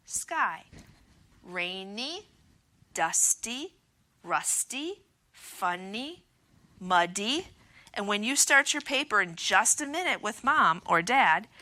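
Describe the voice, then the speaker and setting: Woman, kindergarten teacher, bright clear voice, slow sing-song delivery, coaxing little kids through phonics. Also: fairly high pitch. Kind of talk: remote phonics lesson for young children.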